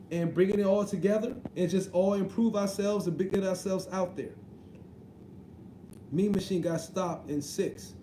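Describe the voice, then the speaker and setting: A high-pitched, mellow-toned man chats casually on a live stream. He jokes a lot, drops slang and keeps asking "you know what I mean". His voice sits in an echoey room with a faint hum behind it. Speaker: livestream host reading chat.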